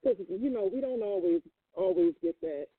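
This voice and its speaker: A woman hosting a gospel call-in radio show, speaking gently and reflectively with halting fillers. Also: medium pitch, expressive, slightly rough, no room sound. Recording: dry tinny phone-like line.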